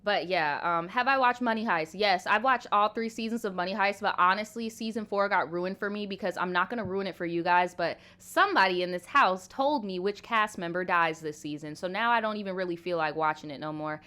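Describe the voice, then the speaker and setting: A twenty-something streamer runs a casual Q&A, speaking openly with plenty of fillers, swearing, "like"s, and laughs. Her medium-pitched voice sounds pushed and bright, moving a little fast with few pauses.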